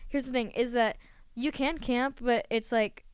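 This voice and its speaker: A woman's voice: fairly high pitch, fairly even intonation, unhurried, clear, resonant tone, dry recording. A teenage girl chatting casually on a podcast, rambling through long explanations with plenty of fillers and running short of breath. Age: teens. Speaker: podcast guest. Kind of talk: casual chat.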